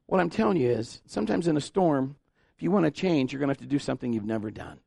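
A man preaching a sermon as pastor, informal and conversational, often rising in pitch and volume as he gets animated. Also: quick pace, creaky, husky, dry recording, clean studio sound. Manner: informal and conversational, with restarts and asides.

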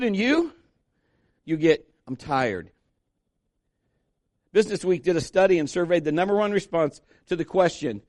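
Male pastor, chatty sermon delivery, slightly high voice, dry sound. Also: dry recording. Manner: conversational preaching, lively asides to the congregation.

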